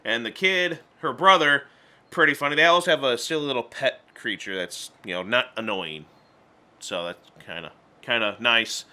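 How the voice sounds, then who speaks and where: A man casually reviewing an animated movie, chatty and stumbling over restarts, acting out character lines in little voices. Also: mid-range voice, moderate pace.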